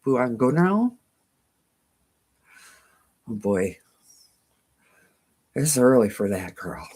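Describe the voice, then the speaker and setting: With a very deep, dark, twangy voice and a breathy edge, this woman hosts a quilting channel. She reads viewer comments in a laid-back live chat, full of laughter and self-mockery.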